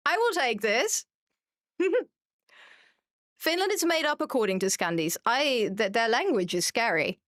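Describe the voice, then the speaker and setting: A young woman from Germany chats away while she streams a game, quick to poke fun at herself. Her voice sits a touch high. The sound is close and dry, with no room around it. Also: very animated, a bit bright, no room sound. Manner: chatty and self-mocking, reads chat aloud. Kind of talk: casual chat while gaming.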